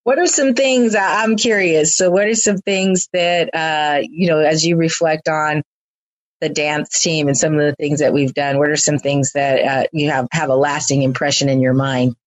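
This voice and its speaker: Low-voiced woman hosting a casual chat. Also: fairly even intonation, moderate pace, no room sound, rough recording. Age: older than the young dancers. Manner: rambling, warm, many fillers and restarts, playful. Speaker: host and dance team leader. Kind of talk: casual conversation.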